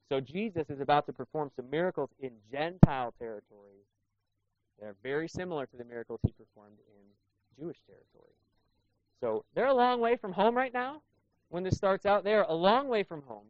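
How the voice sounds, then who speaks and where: A man's voice: fairly high pitch, lively intonation, fairly quick, dry recording. A man preaching a sermon as pastor, talking conversationally and asking the congregation rhetorical questions. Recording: dull lo-fi sound.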